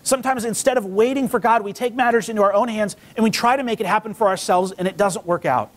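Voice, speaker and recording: A man pastor giving a casual, conversational sermon in a church, reading scripture and acting out the quotes. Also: fast. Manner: conversational, acts out quotes with lively pitch. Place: church sanctuary.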